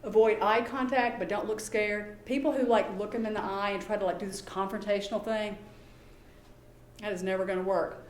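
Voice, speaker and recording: A middle-aged woman giving a lecture as a behavior specialist, lively and acting out quoted exchanges in voices. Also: medium pitch, fairly quick, slight background noise. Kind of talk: conference lecture. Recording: echoey room, faint background ambience.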